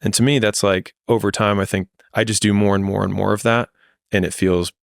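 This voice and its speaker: A man's voice: on the low side, fairly even intonation, fairly quick, creaky, no room sound, studio quality. A man in a candid podcast conversation, talking in a blunt, plainspoken and reflective way.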